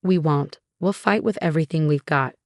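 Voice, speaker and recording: A woman's voice: deep voice, normal speed, no echo, clean studio sound, lightly acted. A woman voicing a reassuring husband. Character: supportive husband, grown man.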